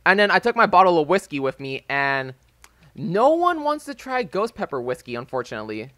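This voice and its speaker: A young man in his early twenties tells a meandering story while he plays, leaning on fillers as he goes. His voice sits a little high and sounds bright and forward. It is recorded close and dry on a desk microphone. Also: sing-song, brisk, dry recording. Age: early 20s. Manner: rambling, loose and chatty, full of "like" and "um". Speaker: gaming YouTuber. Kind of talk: casual storytelling over gameplay. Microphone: desk microphone with a phone as backup.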